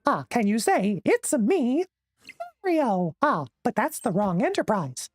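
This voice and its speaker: A man streaming a card game while putting on a squeaky, high cartoon mouse voice and swearing in character. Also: big pitch swings, a little slow, no room sound, heavily acted. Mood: squeaky playful. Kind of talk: live game stream chat.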